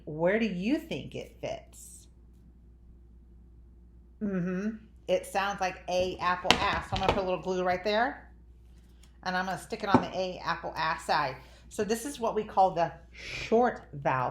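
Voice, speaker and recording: A woman teaching young children a phonics lesson in an animated, drawn-out sing-song teacher voice. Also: mid-range voice. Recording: echoey room.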